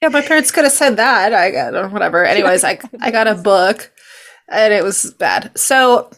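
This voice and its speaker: A woman's voice: mid-range voice, lively intonation, normal speed, a bit bright. A young woman from California hosting a podcast, chatting casually and giggling through a rambling story. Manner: chatty and giggly, lots of fillers and asides. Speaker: podcast host. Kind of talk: casual chat.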